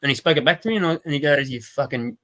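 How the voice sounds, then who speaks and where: A man's voice: on the high side, rapid-fire, a bit bright. A man hosting a casual livestream chat, rambling, swearing and laughing often. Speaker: stream host.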